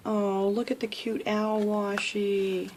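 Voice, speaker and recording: Woman host, casual unboxing chat; excitable and gushing with quiet whispered asides, mid-pitched, light background hiss. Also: slow pace. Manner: gushing, gasps often, drops to soft whispers. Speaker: craft channel host.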